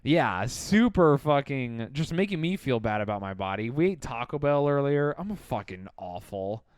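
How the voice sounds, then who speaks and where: A man in his thirties co-hosting a comedy podcast, crude and laughing, telling animated stories. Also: mid-range voice, normal speed, clean tone, dry recording, studio quality. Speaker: podcast co-host. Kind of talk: casual comedy chat.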